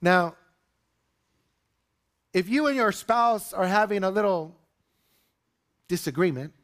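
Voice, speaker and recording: Pastor guy giving a sermon in church, acts out the story voices, kinda high-pitched. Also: takes it slowly. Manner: animated storytelling, acts out quotes. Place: church sanctuary with congregation.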